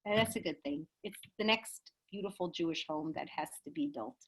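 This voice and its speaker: A woman teaching an online Torah class over a video call, telling stories in an animated, chatty way and asking rhetorical questions. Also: on the low side, a little fast, poor audio.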